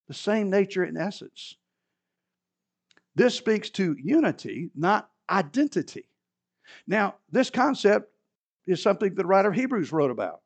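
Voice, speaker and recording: A man preaching a sermon in a church, moving between loud emphatic repetition and low conversational asides. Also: sing-song, moderate pace. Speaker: pastor.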